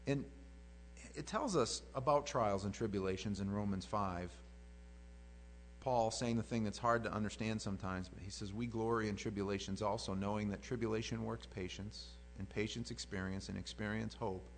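A man's voice: fairly low pitch, moderate pace, slight background noise, rough recording. A man preaching a sermon in a conversational way, repeating words as he builds emphasis. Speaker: pastor.

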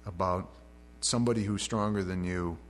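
A man's voice: sits low, steady tone, moderate pace. A man preaching a verse-by-verse sermon, reading scripture aloud and then paraphrasing it in casual, modern speech. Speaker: pastor. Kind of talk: expository sermon. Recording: faint mains hum.

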